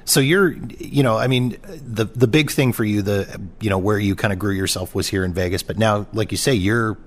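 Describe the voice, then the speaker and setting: Halting podcast host, man, lowish voice. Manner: halting, repeats words. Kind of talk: casual interview chat.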